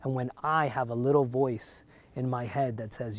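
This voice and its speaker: At normal speed and with fairly even intonation, a mid-range male voice with a New Jersey accent teaches realtors. The broker's motivational talk to the live group is chatty, with frequent check-ins with the audience.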